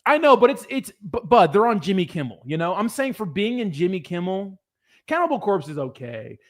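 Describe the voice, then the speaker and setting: A young man with a noticeably high-pitched voice hosts a loose, casual livestream. He reacts to viewer comments with constant joking, laughter and plenty of swearing. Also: big pitch swings, fairly quick, fairly bright tone. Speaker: crypto livestreamer.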